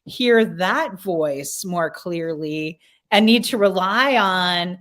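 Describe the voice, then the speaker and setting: A woman's voice: fairly low pitch, expressive, fairly bright tone. Woman thinking aloud in a podcast chat. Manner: thinks aloud, slow and searching, many fillers. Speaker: leadership consultant guest. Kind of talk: casual podcast interview.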